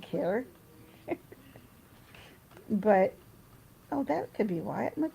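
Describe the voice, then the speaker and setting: A woman talks loosely to her viewers in a casual livestream, reading the chat and wandering between stories. Her voice is heavily gravelly with a dark, mellow tone. A faint hiss sits behind her. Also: high-pitched, very animated, slow pace, pauses often, low-quality recording. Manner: rambling, personal, trails off and restarts.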